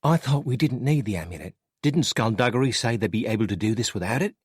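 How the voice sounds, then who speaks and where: A man's voice: mid-range voice, animated, fast talker, husky, no echo, studio quality. A man voicing a big, nervous young man from New Zealand who complains a lot, with a New Zealand accent. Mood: defensive.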